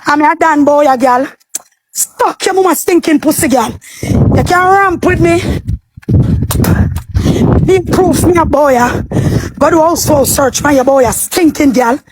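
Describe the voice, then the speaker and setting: A woman with a Jamaican accent hosting a livestream, ranting in a loud, profane, confrontational way. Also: high-pitched, unhurried, pauses often, noisy background. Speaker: livestream host. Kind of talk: heated livestream rant.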